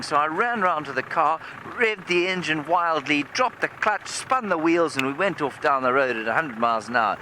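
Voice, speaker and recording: A man's voice: a little high, animated, moderate pace, hardly any pauses, low-quality recording. A man working as a safari guide, telling a humorous story live from a game drive vehicle outdoors. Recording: vehicle engine noise outdoors.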